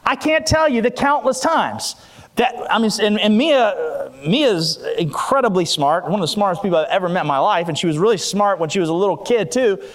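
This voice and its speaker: High-voiced, animated preaching man. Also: a little fast. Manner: animated, storytelling, urging the crowd. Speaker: pastor. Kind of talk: sermon.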